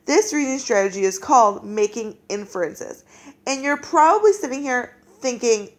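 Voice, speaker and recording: A woman teacher giving a classroom reading lesson, talking to her students and acting out the voices they hear in their heads. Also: sits high. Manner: animated, acts out inner voices.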